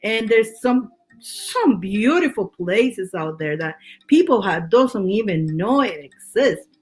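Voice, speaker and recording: A woman's voice: mid-range voice, sing-song, slow. Woman tarot reader, Canadian-born, talking loosely with lots of restarts; faint music underneath. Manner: chatty, rambling, with many restarts. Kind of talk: casual chat.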